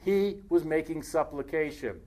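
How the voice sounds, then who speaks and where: A man preaching a casual sermon, reading scripture aloud slowly and breaking off into joking asides. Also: on the high side, darkish tone.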